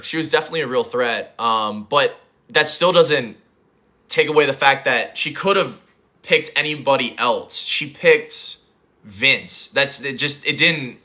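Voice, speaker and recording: A young man hosting a livestream, chatting casually and rambling as he answers chat comments, his voice a little hoarse. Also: mid-range voice, bright, forceful tone. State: hoarse, voice recovering. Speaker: livestream host.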